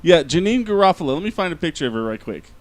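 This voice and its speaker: A man's voice: on the high side, very animated, very fast, crowd noise. A man co-hosting a casual podcast, laughing often and swearing freely. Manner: laughs often, crude jokes. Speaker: podcast co-host. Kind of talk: casual chat.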